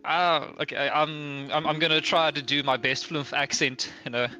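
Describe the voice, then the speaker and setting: A man playing a tabletop role-playing game, hesitant and stammering as he tries out formal, polite speech in character. His voice is bright and forward, with faint music in the background. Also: fairly high pitch, steady tone, moderate pace, hardly any pauses. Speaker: player. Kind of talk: casual in-character play.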